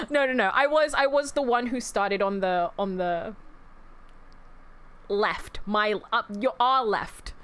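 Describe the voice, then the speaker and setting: A woman's voice: fairly high pitch, takes it slowly, pauses often, a bit bright, smooth. A young woman streamer in casual chat with her viewers, rambling, correcting herself and swearing as she goes.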